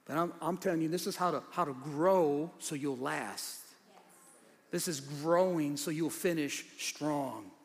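A pastor preaching a sermon, moving from quiet teaching to shouted, rhythmic preaching before his congregation. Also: on the high side, measured pace. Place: large church hall with congregation. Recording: long hall reverb, faint crowd.

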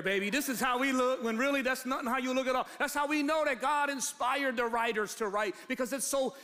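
Pastor, male, high bright voice, shouting sermon, long hall reverb. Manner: swings from low, quiet asides to shouted, rising preaching. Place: church hall.

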